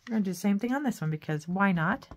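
A woman talks her way through a craft project in a relaxed, homey way, humming little nonsense tunes between remarks. Her pitch sits mid-range for a woman. Her chatter is playful and folksy. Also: racing. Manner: chatty, talks to herself while working, hums and sings nonsense sounds. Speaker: craft channel host. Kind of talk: casual craft tutorial chat.

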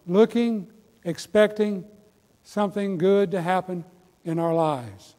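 An older pastor preaches in a folksy, storytelling way and pushes toward fervent exhortation. His voice sits high for a man. The sermon rings through a church with a long, lingering reverb. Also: measured pace, darkish tone. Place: church sanctuary.

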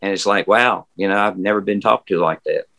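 An older man with a Southern US accent talks with a deep, low voice. He rambles along in a folksy way, full of fillers and restarts, as he tells stories from his working years over a video call. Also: a little fast, gravelly, bright, forceful tone, rough recording. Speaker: interview guest, former historic house guide. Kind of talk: casual storytelling interview. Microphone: remote video call.

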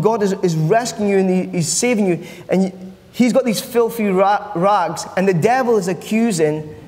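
A man's voice: high voice, a little mellow. A man preaching a sermon as pastor, earnest and repeating phrases for emphasis. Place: church. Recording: long church reverb.

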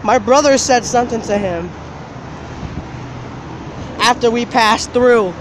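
A man casually telling a story for his vlog outdoors, animated and laughing, swearing now and then. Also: extremely high pitch, slow. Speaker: vlogger. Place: outdoors, walking in the open. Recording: outdoor noise from traffic.

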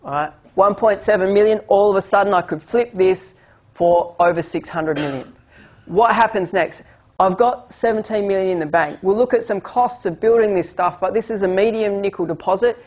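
A man's voice: high voice, moderate pace. A man with an Australian accent giving an economics presentation, asking rhetorical questions and speaking as if he runs a small mining company. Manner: lively, rhetorical questions, role-plays a company. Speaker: economics lecturer. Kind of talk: academic presentation.

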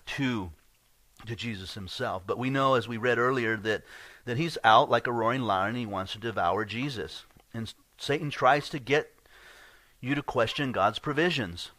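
A male pastor giving a sermon in an earnest teaching tone, often clearing his throat and restarting phrases. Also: mid-range voice, pushed and bright, dry recording. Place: church.

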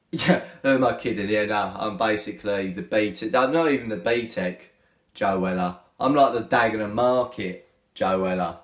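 A man's voice: fairly low pitch, normal speed. A young man, joking and bantering as he reacts to hate comments in a casual comedy vlog. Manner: cheeky, joking, slangy banter. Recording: echoey room with faint music.

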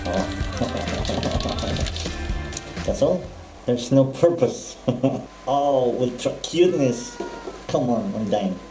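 A man with a Spanish accent giving casual, excitable gameplay commentary, laughing often and jumping high in pitch when alarmed. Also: drawn-out words, pauses often. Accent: Spanish-accented English. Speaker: gameplay streamer. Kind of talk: casual let's-play commentary. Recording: roomy echo with game music behind.

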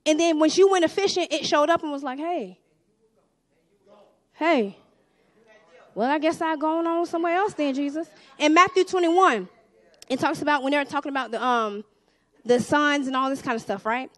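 Animated woman preaching a sermon, high-voiced. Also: no room sound. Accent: Southern US. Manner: animated, swings from hushed asides to loud exhortation.

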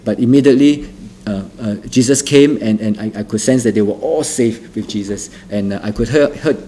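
A middle-aged man from Singapore, giving an earnest spoken testimony that repeats phrases for emphasis and restarts in halting bursts. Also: fairly low pitch, mellow. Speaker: testimony speaker.

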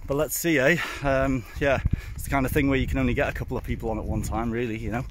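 A Welsh hiking vlogger talks casually into his handheld phone as he climbs a hillside trail, out of breath, with lots of wind and ambient noise behind him. His mid-range voice is quick with fairly even intonation, and he's chatty and self-mocking, calling viewers folks.

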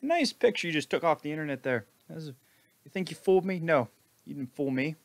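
A man giving mocking, deadpan sarcastic commentary over a video. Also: fairly high pitch, fast talker, no echo. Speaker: video reactor.

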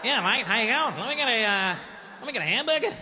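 A man's voice: extremely high pitch, lively intonation, quick pace, voice pushed up. A man putting on a chirpy laid-back mate. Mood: breezy. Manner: breezy, repeating "no worries, mate". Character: cheerful Australian-style bloke ordering food. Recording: live club, loud crowd and noise.

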